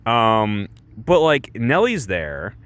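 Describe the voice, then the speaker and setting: Ein lässig plaudernder Mann, der viel flucht. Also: male voice, on the low side, very animated, slow, a bit bright. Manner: rambling, full of restarts and fillers, swears freely. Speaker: movie reviewer. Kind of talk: casual spoken movie review.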